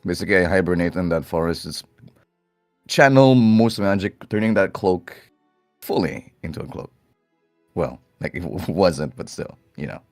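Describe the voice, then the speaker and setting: Man, lowish voice, lively swooping intonation, rambling playful player talk, dry close sound. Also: normal speed, no room sound, soft background music. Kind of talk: tabletop role-play narration.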